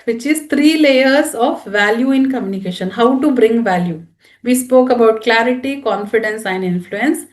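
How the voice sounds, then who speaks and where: A woman career trainer giving a classroom training talk and asking her audience frequent questions. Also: fairly high pitch. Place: room with a live audience. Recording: echoey room.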